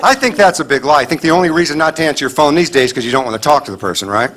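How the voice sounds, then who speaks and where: A male stand-up comedian from the United States, teasing the audience with a wry, deadpan delivery on a club stage with a handheld mic. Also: a little high, racing. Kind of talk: stand-up comedy with crowd work. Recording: echoey club with crowd laughter and noise.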